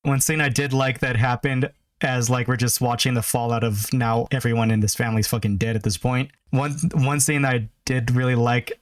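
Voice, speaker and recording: A man co-hosting a podcast, recapping in a loose, rambling way full of fillers. His voice sits at an ordinary middle pitch. The sound is dry and close, with no room in it. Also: little pitch movement, normal speed, dry recording. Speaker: podcast co-host. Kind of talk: casual chat.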